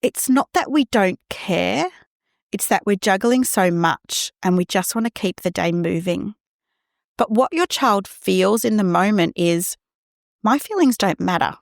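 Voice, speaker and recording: A woman hosting a parenting podcast, talking gently and reassuringly, acting out quoted lines in a scripted monologue. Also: mid-range voice, unhurried, gravelly, dry recording, studio quality.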